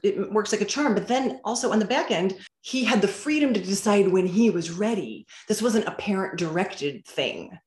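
Animated woman telling parenting stories. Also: mid-range voice, moderate pace, few pauses. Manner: animated storyteller who acts out dialogue. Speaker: parent guest sharing parenting advice. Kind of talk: casual interview talk. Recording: roomy echo.

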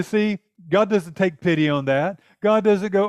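A man preaches with earnest emphasis, pressing each point home and acting out prayers as he goes. His voice sits high. The recording is dry and close, with no room sound. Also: unhurried, clean tone, no echo. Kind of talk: sermon.

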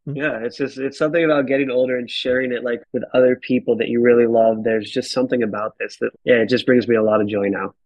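A man in his thirties, a podcast guest, telling a wild travel story in an animated, casual way and swearing freely. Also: mid-range voice, quick pace, dry recording, muffled recording.

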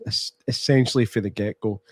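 A man's voice: lowish voice, fairly even intonation, a little fast, slightly rough, dry recording. A man co-hosting a casual chat about a film. He talks in a reflective, matter-of-fact way. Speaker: podcast co-host.

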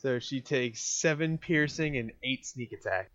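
Bright-voiced man with dull lo-fi sound. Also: medium pitch, measured pace, dry recording. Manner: eager, thinks aloud. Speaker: player. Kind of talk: playing a tabletop game.

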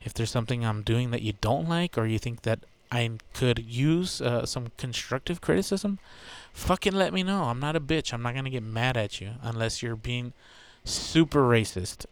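A man's voice: medium pitch, moderate pace, clear, resonant tone, no echo. A man hosting his own podcast, chatting casually in a loose, rambling way, swearing freely and joking. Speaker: podcast host. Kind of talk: casual solo podcast chat.

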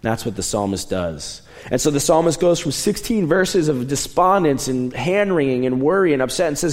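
A young adult man preaching a sermon in a conversational way, moving between raised, emphatic lines and quiet, low asides. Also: very animated, fairly quick, hardly any pauses. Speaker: pastor.

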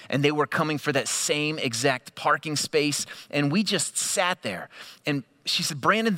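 A man preaching a sermon in a conversational, storytelling manner, his voice rising with excitement as he acts out quotes. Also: on the high side. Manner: conversational, with quoted asides and fillers. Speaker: pastor.

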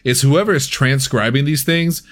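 A man's voice: mid-range voice, moderate pace. A man hosting a comedy podcast, rambling and interrupting himself and laughing at his own jokes. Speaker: podcast host.

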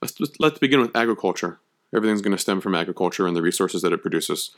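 A man's voice: low voice, quick pace, a bit bright. A man delivering a history lecture in a conversational, emphatic way. He stresses key points and keeps checking that his listeners follow. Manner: emphatic, checks in with frequent "okay?".

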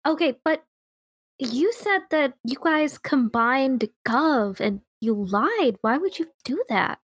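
A woman with a high, very lively voice plays a tabletop game. She talks in a chatty, hesitant way, filling gaps with "like". The recording is close and dry. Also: slow, breathy edge, no room sound. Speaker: player.

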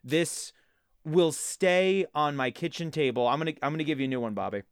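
Smooth-voiced joking podcast man. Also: fairly high pitch, fairly quick, dry recording, studio quality. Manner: rambling, mock-earnest jokes. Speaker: podcast co-host. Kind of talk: casual comedic podcast chat.

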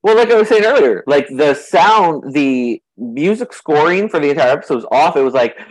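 A man's voice: on the high side, lively intonation, moderate pace, low-quality recording. A man from Southern California co-hosting a casual recap podcast, rambling and full of fillers. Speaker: podcast co-host.

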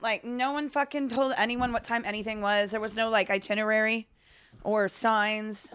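A woman's voice: fairly high pitch, fairly even intonation, moderate pace, a bit bright, clean tone, no room sound. A woman co-hosting a podcast, telling stories in casual chat with laughs and swearing. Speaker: podcast co-host.

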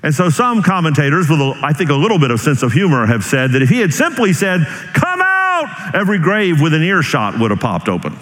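A man preaching a sermon as pastor, swinging between high emphatic bursts and slow, low, quiet passages. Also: sing-song. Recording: long hall reverb.

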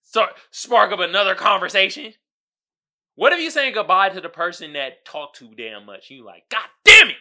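A man's voice: high voice, very animated, normal speed, bright, forceful tone. A man hosting a podcast in casual comedic chat, laid-back and slangy, laughing often and calling his listeners y'all. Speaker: podcast host.

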